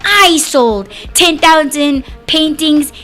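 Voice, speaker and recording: A woman's voice: high-pitched, takes it slowly, bright, forceful tone, voice pushed up, full character voice. A woman mocking a bragging older art teacher. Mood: boastful. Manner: bragging, condescending run-on lecturing.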